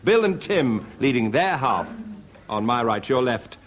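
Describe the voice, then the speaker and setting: A man chairing a radio comedy panel game before a live audience, with a brisk, wry delivery. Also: medium pitch, big pitch swings. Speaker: quiz chairman. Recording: 1970s radio recording, audience noise.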